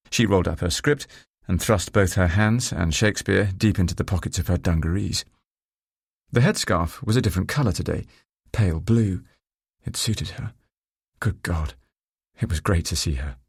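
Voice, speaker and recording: A man narrating a first-person novel in a measured, dry and wry manner. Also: deep voice, gravelly, breathy edge, no room sound. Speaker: audiobook narrator.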